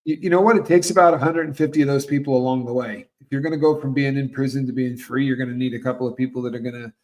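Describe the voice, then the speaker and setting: A male host in casual conversation, telling stories with lively delivery and acting out the other voices himself. His voice sits at an average pitch for a man. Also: racing, rough recording. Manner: animated, acts out quoted dialogue. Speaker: podcast host.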